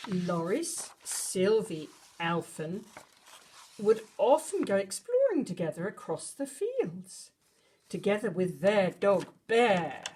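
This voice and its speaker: A woman reading a children's bedtime story aloud, expressive, with dramatic gasps and animal noises. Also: mid-range voice, slow, a little hiss or hum.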